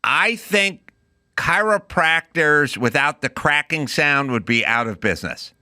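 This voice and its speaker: Man, middle-aged, podcast co-host, comedic riffing, fairly high voice, dead dry sound. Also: animated, a little slow, pushed and bright, dry recording. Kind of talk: comedic casual chat.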